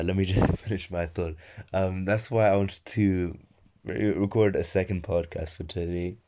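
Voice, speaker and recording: A man's voice: sits low, dark tone, lo-fi sound. A young man talking through a casual solo podcast, rambling and coaching himself, with many fillers and restarts.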